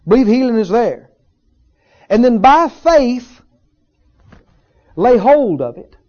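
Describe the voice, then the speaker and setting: A male preacher with a high, mellow voice delivers an earnest teaching sermon to a congregation. He leans on repetition and rhetorical questions. The recording is dull and lo-fi. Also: sing-song, slow. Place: church service with a congregation.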